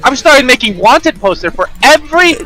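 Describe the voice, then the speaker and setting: A young man co-hosting a live stream, egging on a rant with profane jeers and yells. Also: extremely high pitch, big pitch swings, brisk, over music, low-quality recording. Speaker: stream co-host.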